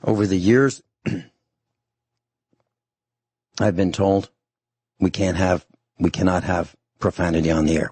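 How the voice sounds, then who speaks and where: A man's voice: low voice, steady tone, measured pace, long pauses, darkish tone, husky, no room sound. A man hosting a radio talk show from a studio mic, lecturing sternly and emphatically and repeating his points.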